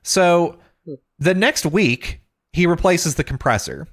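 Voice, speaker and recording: Animated man telling a story. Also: a little high, slow, long pauses. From Texas. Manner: animated, acts out quoted people, swears, laughs mid-story. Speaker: podcast host. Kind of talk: casual storytelling.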